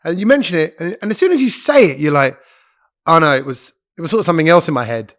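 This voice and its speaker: Middle-aged male broadcaster, quick and lively delivery, a bit higher-pitched than most men; casual podcast talk. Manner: fast-talking, animated, breaks into put-on voices. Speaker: broadcaster and comedy host.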